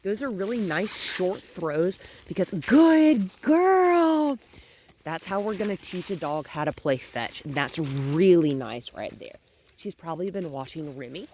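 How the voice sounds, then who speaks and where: A young adult woman, a dog trainer, calmly explaining a training session outdoors in a park, mixing in cooing praise for the dog. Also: sits low, a little hiss or hum.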